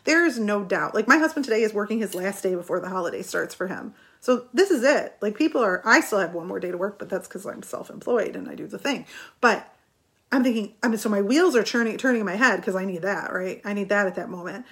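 Woman, middle-aged, vlogger, casual storytelling, animated and chatty, laughs as she talks. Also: mid-range voice, quick pace.

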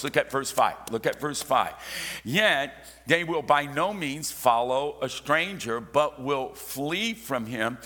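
A man's voice: mid-range voice, pushed and bright. A man preaching a sermon, emphatic and drawn out, inviting the congregation to say lines with him. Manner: slow, emphatic preaching with call-and-response. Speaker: pastor.

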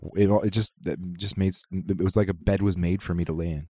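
A man's voice: low voice, steady tone, quick pace, mellow, dry recording, studio quality. A man with a Canadian accent co-hosting a casual podcast, joking and swearing freely. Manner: brash, swearing, jokey banter. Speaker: podcast co-host. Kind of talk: casual chat.

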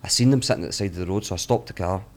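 A man's voice: low voice, very fast. A young man on a podcast, telling travel stories and acting out the people he met, swearing freely. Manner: animated storyteller, swears freely, acts out quotes. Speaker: travelling guest. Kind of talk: casual podcast storytelling.

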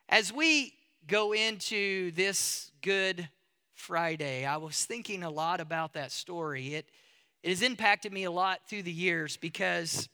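A male pastor preaching a sermon in a storytelling manner, with halting restarts and building emphasis. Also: high voice, sharp tone, clear, resonant tone.

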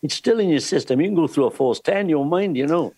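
An older man, a former cruise ship entertainer, telling lively anecdotes with frequent laughs. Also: on the high side, quick pace, slightly rough, dry recording. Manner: lively storyteller, laughs often, restarts. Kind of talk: anecdotal chat.

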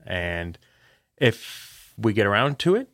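A man's voice: fairly low pitch, big pitch swings, takes it slowly, a bit bright, no room sound, clean studio sound. A man co-hosting a casual podcast, chatting in a jokey way, answering questions and laughing often. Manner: jokey, laughs often, throws in silly put-on accents. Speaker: podcast co-host, game developer. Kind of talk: casual chat.

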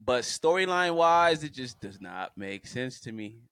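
Emphatic man with a lively voice. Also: medium pitch, measured pace, clear, resonant tone, no echo. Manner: exasperated, emphatic, rhetorical questions. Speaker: podcast co-host. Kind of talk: casual chat.

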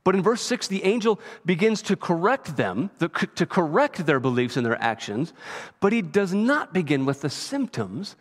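A man's voice: high voice, big pitch swings, moderate pace. A man preaching a sermon as a pastor, in a conversational way and often checking in with "right?". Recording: long reverb of a large hall.

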